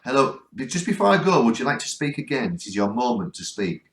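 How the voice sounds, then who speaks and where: A man with a northern English accent leads a spirit box session at a cold spot on a ghost hunt, sincerely pleading over and over for the spirits to talk. He's a ghost-hunting vlogger whose medium-pitched, slightly bright voice runs fast and sing-song in an echoey room.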